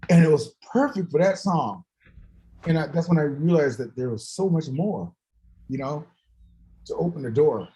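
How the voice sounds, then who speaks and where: Slightly high-voiced and speaking at normal speed with long pauses, this man is a guest musician swapping stories in a relaxed conversation. He laughs a lot and mimics the people he quotes, all on a low-quality recording.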